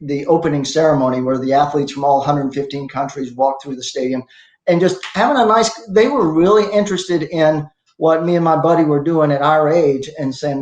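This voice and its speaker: An older man in his sixties, a bit high-pitched, recounts his athletic experiences in a loose, self-deprecating way, often restarting his sentences. His voice carries a noticeable room echo. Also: fairly quick, darkish tone, highs cut off. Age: 60s. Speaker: masters CrossFit athlete guest. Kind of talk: casual interview storytelling.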